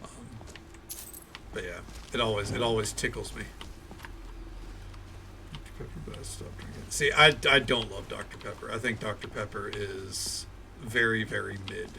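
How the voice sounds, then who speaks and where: A man's voice: lowish voice, fairly even intonation, moderate pace, gravelly, long pauses, noisy background. A man streaming a video game, chatting casually and rambling, with frequent cursing and restarts. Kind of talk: casual gaming commentary.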